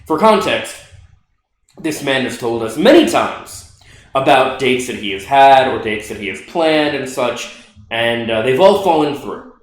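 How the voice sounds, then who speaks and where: A young man co-hosting a podcast, telling a story in casual chat with lots of swearing and animated excitement. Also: mid-range voice, a little slow. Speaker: podcast co-host. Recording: echoey room.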